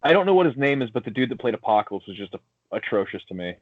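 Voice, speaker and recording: A man co-hosting a casual podcast chat, swearing freely and giving blunt, animated opinions. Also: medium pitch, fast. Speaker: podcast co-host. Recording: dull lo-fi sound, dry.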